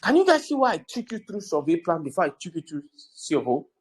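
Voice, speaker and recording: A man's voice: fairly high pitch, big pitch swings, fast talker, slightly rough, rough recording. A man teaching real estate in an online class over a video call, repeating key points and checking in with his students. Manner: keeps checking in with the audience, emphatic repetition.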